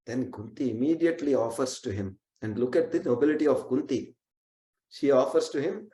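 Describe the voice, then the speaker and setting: A man's voice: mid-range voice, brisk, warm tone. Earnest male storyteller, roomy echo. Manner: earnest, with chanted verses. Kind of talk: devotional storytelling with verse recitation.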